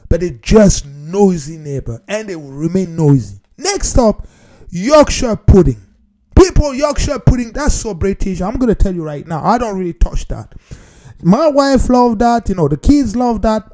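A man talking casually to his viewers in a playful, animated way, often repeating phrases for emphasis and calling his audience "people". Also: sits high, moderate pace. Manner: non-standard grammar, repeats phrases for emphasis. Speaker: vlogger. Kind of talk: casual talk to camera.

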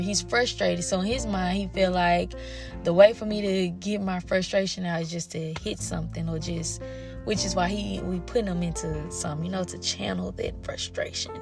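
A young woman with a gravelly, fry-laden voice talks openly to her viewers about growing up and raising her child. She swears freely and slips into her relatives' voices when she quotes them. Soft music plays faintly underneath. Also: medium pitch. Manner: frank and profane, acts out quoted family members. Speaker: parent sharing personal stories. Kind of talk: candid personal storytelling to viewers.

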